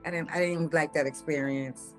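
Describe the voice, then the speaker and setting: A woman's voice: deep voice, steady tone, normal speed, soft background music. Woman telling her story, hesitant and casual. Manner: conversational, hesitant, doubtful.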